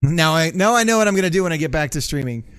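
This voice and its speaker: A man's voice: on the high side, lively intonation, racing, fairly bright tone, clean tone. A man streaming his game coding, muttering to himself and joking about himself as he works. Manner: muttering to himself, self-deprecating. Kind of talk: casual livestream while coding a game.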